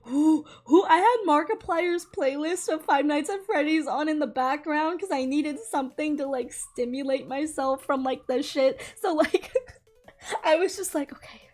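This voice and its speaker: A young woman YouTuber telling a story to the camera in a casual, chatty way, laughing as she goes. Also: high voice. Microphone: camera mic, close to the camera.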